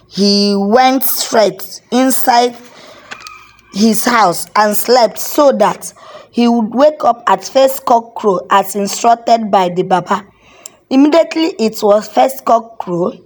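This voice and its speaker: A woman narrating a folk tale in a measured, dramatic way. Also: a little high. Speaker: storyteller.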